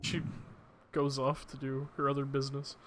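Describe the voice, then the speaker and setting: A man's voice: medium pitch, completely flat delivery, moderate pace, fairly bright tone. Man narrating as game master.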